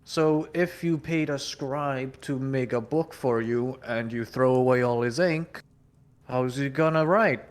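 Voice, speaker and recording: Guy in a tabletop game making his case in character, mid pitch, half-serious. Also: a little slow, smooth. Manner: reasoning, mock-earnest arguing. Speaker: player. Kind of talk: in-character tabletop role-play.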